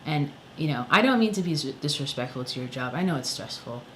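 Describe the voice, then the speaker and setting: A man's voice: a little high, animated, brisk, fairly bright tone, slight background noise, poor audio. A man, a songwriter, ranting angrily in a casual vlog, swearing often and filling with "you know" and "like". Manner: angry, profane, many fillers. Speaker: songwriter vlogger.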